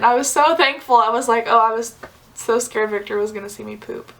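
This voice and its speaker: Chatty young woman vlogger, higher voice. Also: brisk, a bit bright, poor audio. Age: young adult. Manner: chatty, many "like" fillers, giggly asides. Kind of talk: casual storytelling to camera.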